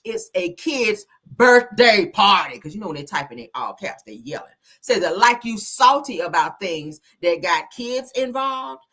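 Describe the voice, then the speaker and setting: A woman's voice: medium pitch, husky. A woman hosting a casual gossip commentary, reading posts aloud with sassy asides. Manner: sassy, animated, drops asides like "child" and "girl". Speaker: commentary channel host. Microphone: streaming desk mic.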